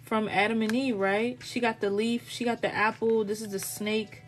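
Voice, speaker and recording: A woman's voice: a little high, fairly even intonation, normal speed, soft background music. Blunt, profane woman reading tarot. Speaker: tarot reader. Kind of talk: casual live tarot reading.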